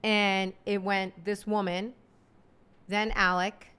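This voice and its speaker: A woman's voice: medium pitch, slow pace, clear, resonant tone. A woman co-hosting a podcast, telling a story in a casual, exasperated way and acting out the people in it. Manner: animated, exasperated, acts out quotes. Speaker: podcast co-host.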